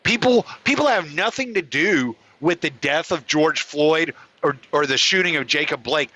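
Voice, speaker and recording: A man's voice: on the high side, sing-song, a little slow, pushed and bright, highs cut off. A man hosting his own show, delivering an angry, profane rant. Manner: furious, profane, heated ranting. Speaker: podcast host. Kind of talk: angry ranting monologue.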